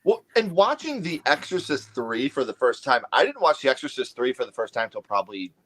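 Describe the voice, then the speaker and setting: A man's voice: medium pitch, big pitch swings, brisk, a bit bright. A man co-hosting a casual podcast, talking about films in an emphatic, ranting way. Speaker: podcast co-host.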